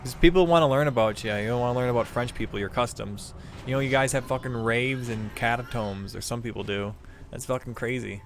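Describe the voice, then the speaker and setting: A man's voice: medium pitch, fairly quick, a little hiss or hum. A man with a Midwestern American accent, chatting casually with viewers while streaming a game, rambling and swearing freely. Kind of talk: casual live-stream chat.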